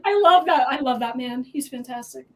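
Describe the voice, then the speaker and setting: A woman hosting a casual online book club chat, gushing and animated about a series. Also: sits high, moderate pace, a crowd in the background. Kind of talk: casual group video chat.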